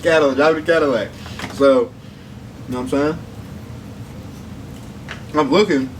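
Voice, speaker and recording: A young man casually telling a funny story on a mukbang, slangy and animated, laughing as he goes. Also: fairly high pitch, unhurried. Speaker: mukbang co-host. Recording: distant mic with background noise.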